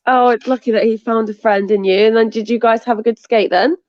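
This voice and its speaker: A woman's voice: on the high side, fairly even intonation, brisk, a little mellow, no room sound. A young woman with an English accent chats easily as an interview guest, laughing often between thoughts. Her voice sounds dry and slightly dull. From England. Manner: chatty, laughs often, many fillers. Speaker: skateboarder guest. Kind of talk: casual interview chat.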